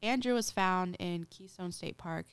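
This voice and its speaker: Talking a little slowly in a lowish, clean voice, a woman hosts a casual podcast. She recounts a true-crime case in a chatty style, full of "like" and dramatized quotes.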